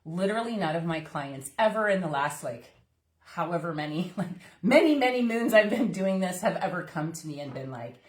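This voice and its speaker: A woman coach leads a casual live-streamed masterclass in a fairly low voice. She talks in a loose, rambling way, full of fillers, and laughs often. The sound is roomy and echoey, picked up by a computer mic. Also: lively intonation, fairly quick. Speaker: coach and workshop host.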